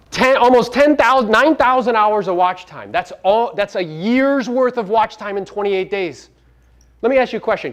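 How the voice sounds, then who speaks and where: A man with a high voice gives a live motivational seminar talk to real estate agents. He's brash and profane, firing rhetorical questions at the audience.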